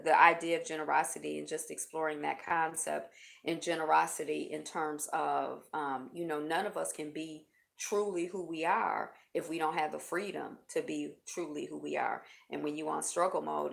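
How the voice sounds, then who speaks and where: Woman host on a home livestream, lowish gravelly voice, reads aloud then riffs casually to her viewers. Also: normal speed, a bit bright. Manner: reads passages aloud, stops to muse and joke to viewers. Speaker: live stream host. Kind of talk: casual reflective reading and chat. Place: indoors at home. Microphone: built-in camera mic.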